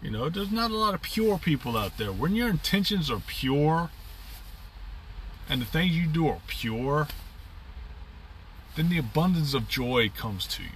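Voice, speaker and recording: Bright-voiced man musing off-mic. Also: fairly high pitch, big pitch swings, unhurried, pauses often, recorded from a distance, a little hiss or hum. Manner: rambling, upbeat, with frequent fillers and restarts. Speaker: podcast host. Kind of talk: casual reflective monologue.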